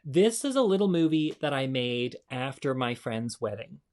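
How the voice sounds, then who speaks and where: A man's voice: mid-range voice, very animated, normal speed, a little mellow. A man hosting a comedy show, telling jokes in a chatty, self-mocking way. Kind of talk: joke telling to an audience.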